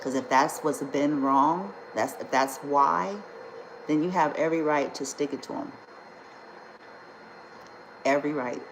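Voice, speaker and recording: Brief: a low-voiced, indignant woman giving a spiritual vlog talk, emphatic and profane, roomy echo. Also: fairly even intonation, a little slow, long pauses, noisy background. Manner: blunt, indignant, emphatic, swears freely. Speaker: spiritual healer.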